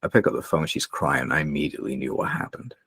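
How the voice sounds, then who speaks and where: A man's voice: a bass voice, fast talker, vocal fry, a bit bright, breathy edge, no room sound, clean studio sound. A young man speaking as a podcast guest, telling candid personal stories in an earnest, emotional way, with many fillers and restarts. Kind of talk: candid personal storytelling in a conversation.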